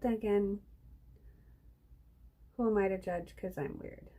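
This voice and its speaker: A woman's voice: medium pitch, steady tone, measured pace, warm tone. A middle-aged woman hosting a live painting stream, chatting casually and rambling to viewers while she works, with hiccups. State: has hiccups. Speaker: live-stream craft host.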